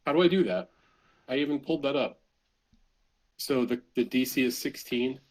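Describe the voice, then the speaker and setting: A man's voice: mid-range voice, moderate pace, low-quality recording. A man playing in a tabletop game, hesitant and full of questions about the rules. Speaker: player. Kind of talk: casual tabletop game chat.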